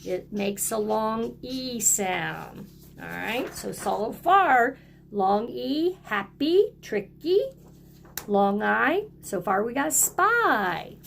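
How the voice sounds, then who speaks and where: A woman teacher gives a phonics lesson to young children, slow and patient, stretching each letter sound. Her voice sits a little high with a gravelly edge. Faint noise hums under the recording. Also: lively intonation, a bit bright.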